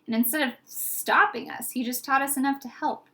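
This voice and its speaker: A woman's voice: high-pitched, moderate pace, sharp tone. A woman doing Harry, an earnest schoolboy. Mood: thoughtful. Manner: earnest, thoughtful. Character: thoughtful young schoolboy wizard.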